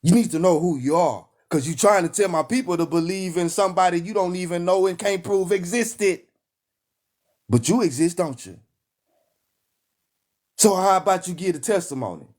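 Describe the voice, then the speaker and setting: A man's voice: high voice, moderate pace, darkish tone. A man with a Texan accent preaching with fire in a live stream, emphatic and repetitive, hammering his lines like a call and response. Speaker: online preacher.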